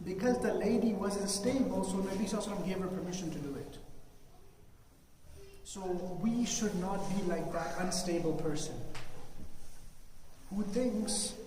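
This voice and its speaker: A man's voice: high voice, moderate pace, long pauses, darkish tone, a little hiss or hum. Man speaking in an echoey far-off hall. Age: adult parent. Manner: earnest, repetitive, plain-spoken. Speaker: Islamic speaker giving a reminder. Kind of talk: religious talk on parenting.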